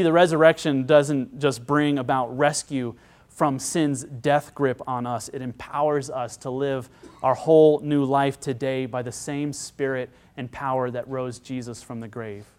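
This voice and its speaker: A pastor with a high-pitched voice delivers his sermon. His preaching is conversational and animated, and he often doubles back to restart a phrase.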